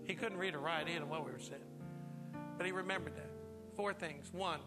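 A man's voice: fairly high pitch, brisk, long pauses, long reverb tail, over loud music. A man pastor preaching a sermon, emphatic and full of rhetorical questions to the congregation. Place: church sanctuary.

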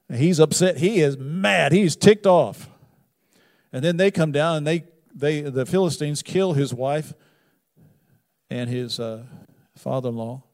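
A man preaching a sermon, retelling a Bible story with wry humor and big swings between loud emphasis and quiet asides. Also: medium pitch. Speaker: pastor.

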